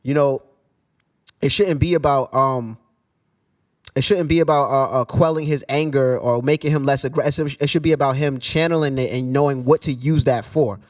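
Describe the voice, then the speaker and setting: A man co-hosting a casual discussion, talking in a halting way with frequent restarts and hedges. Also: mid-range voice. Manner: halting, restarts often, hedging.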